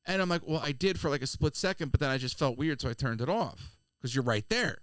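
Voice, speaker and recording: Lively, bright-voiced man telling a story. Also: mid-range voice, no echo. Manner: animated storyteller doing quick voices of people he met. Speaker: podcast co-host. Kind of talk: casual storytelling chat.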